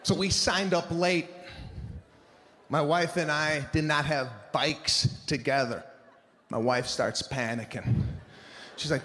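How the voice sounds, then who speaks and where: A man's voice: a little high, slow pace. A man doing stand-up comedy on stage, telling exasperated stories and acting out voices. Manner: animated, exasperated storytelling with acted-out voices. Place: live comedy venue on stage. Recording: roomy hall echo, faint ambience.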